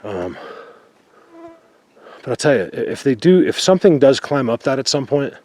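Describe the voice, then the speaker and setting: A man vlogging outdoors in a forest, excitedly showing viewers what he finds and sometimes dropping to a whisper. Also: medium pitch, normal speed. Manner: excited, talks to viewers, drops to a whisper at times. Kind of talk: outdoor exploring vlog.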